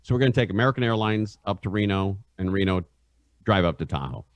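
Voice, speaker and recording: Middle-aged guy, low voice, dry close mic, rambling storyteller who laughs through his tales. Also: lively intonation, quick pace, no echo. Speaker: guest, radio host. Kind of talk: casual anecdote telling.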